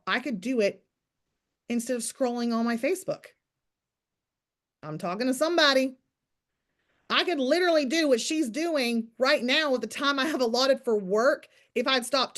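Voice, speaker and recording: A woman leading a morning business call, giving casual motivational talk in a chatty, direct coaching way and turning to listeners by name. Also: on the high side. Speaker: team leader hosting a morning business call. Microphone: video call.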